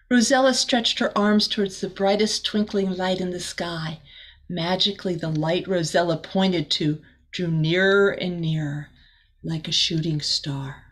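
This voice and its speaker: A woman who teaches as a volunteer, reading a storybook aloud for children and gently adding asides for her young listeners. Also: lowish voice, unhurried.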